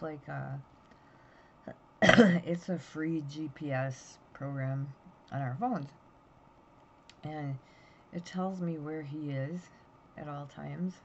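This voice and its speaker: A woman in her fifties vlogs to her phone camera in a low, gravelly voice, rambling anxiously through a story while tired and yawning. It's a casual chat, recorded with dull lo-fi sound and faint noise.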